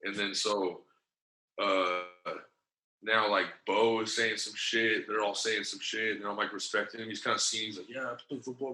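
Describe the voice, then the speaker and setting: Profane man telling stories, bright tone. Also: fairly low pitch. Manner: loose, profane, slangy storytelling. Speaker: podcast guest, former wrestler. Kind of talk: casual storytelling. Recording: echoey room.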